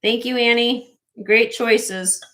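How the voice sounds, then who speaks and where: A woman's voice: on the high side, fairly even intonation, slow pace, pushed and bright. A woman hosting a live online jewelry sale, chatting in a salesy way and talking straight to buyers by name. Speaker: host selling jewelry on a live stream.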